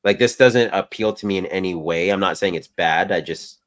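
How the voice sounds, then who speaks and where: Laid-back low-voiced man chatting. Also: normal speed. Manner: relaxed, laughs often, trails off. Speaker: co-host of a toy news show. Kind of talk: casual chat.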